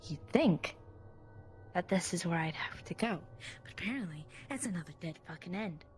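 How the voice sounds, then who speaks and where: A young adult woman playing her character in a tabletop game, muttering, swearing and breaking into teary shouts. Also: on the low side, expressive, moderate pace, soft background music. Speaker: player. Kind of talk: in-character tabletop role-play.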